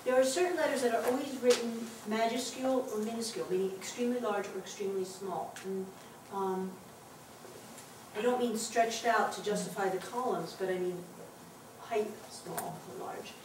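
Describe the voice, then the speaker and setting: A woman's voice: mid-range voice, background noise. Echoey, distant woman teaching a class. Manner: encouraging, explains patiently, reads aloud slowly. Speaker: Hebrew teacher. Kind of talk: adult classroom lesson. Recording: very echoey classroom taped from far off.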